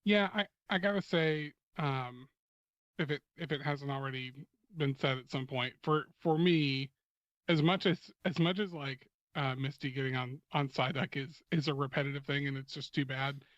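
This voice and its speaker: A man who is a guest on a podcast, talking in a halting way with many restarts, amused by the show he discusses. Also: mid-range voice, a bit bright, dry recording, dull audio. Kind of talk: casual podcast chat.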